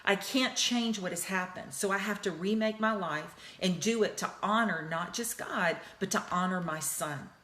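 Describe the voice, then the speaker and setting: A woman's voice: mid-range voice, normal speed, few pauses, a bit bright. A middle-aged woman hosting a live talk from her office, speaking earnestly and personally about grief and healing. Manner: earnest, personal, checks in with listeners. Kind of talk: heartfelt motivational live talk. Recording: roomy echoing office.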